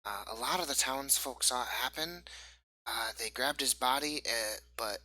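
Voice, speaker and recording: A man voicing a worried, motherly innkeeper's wife who apologizes and speaks in a hush. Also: medium pitch, moderate pace, no echo, low-quality recording.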